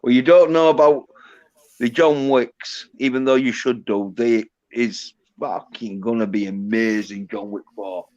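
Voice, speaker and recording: Slow-talking guy hosting a stream, rambly, swears constantly, muffled lo-fi audio. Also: mid-range voice, steady tone, a little mellow. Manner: rambling, teasing, heavy swearing. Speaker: livestream host. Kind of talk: casual profane banter.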